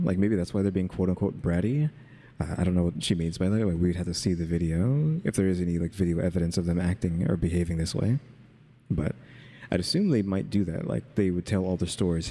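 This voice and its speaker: A man co-hosting a podcast who chats casually and thinks aloud in a hesitant, measured way. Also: sits low, mellow, slightly rough. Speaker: podcast co-host. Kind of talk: casual chat.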